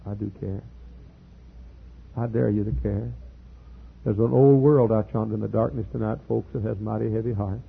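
A middle-aged male pastor telling a story in a sermon, earnest, repeating words and building to loud emphatic peaks. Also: on the low side, steady tone, moderate pace, gravelly, slightly rough. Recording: tinny lo-fi sermon tape.

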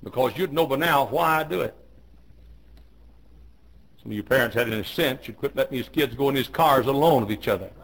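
A man in his fifties preaching a fiery sermon in a church, swinging from hushed low tones to shouted commands he hammers home again and again. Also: a little fast, long pauses, poor audio. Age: 50s. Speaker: pastor. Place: church auditorium.

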